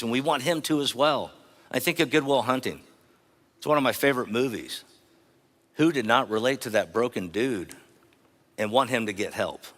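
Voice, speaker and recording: Middle-aged guy giving a keynote, earnest, lowish voice, keeps asking the audience stuff. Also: a bit bright. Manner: earnest, rhetorical, engages the audience. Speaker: keynote speaker. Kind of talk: motivational keynote speech.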